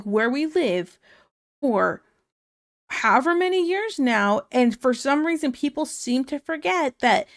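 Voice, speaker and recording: A woman's voice: sits high, fairly bright tone. A woman streamer chatting casually and reading viewer comments aloud, ranting in an exasperated way and laughing often.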